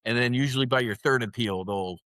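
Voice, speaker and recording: In a dry recording, a medium-pitched American man in his fifties talks briskly in an interview about his past as a fighter pilot. His tone is fairly bright and his manner earnest and intense, with repeated restarts followed by emphatic rises.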